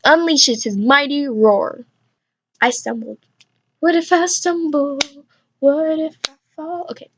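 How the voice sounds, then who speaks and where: Slow, stumbling teen girl with hissy audio. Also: sits high, highs cut off. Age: teens. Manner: slow, stumbling reading with self-mocking asides. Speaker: student radio host. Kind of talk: reading a script in mock Shakespearean English, with bloopers.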